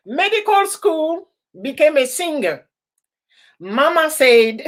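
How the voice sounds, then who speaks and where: A woman hosting a casual live stream, laughing often and heartily as she chats and repeats her warm goodbyes and thank-yous. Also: sits high, sing-song, slow.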